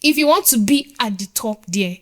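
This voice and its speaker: Woman, podcast guest, earnest motivational talk, slightly raised pitch, emphatic. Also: animated, normal speed. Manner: earnest, emphatic, repeats points. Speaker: guest, nurse.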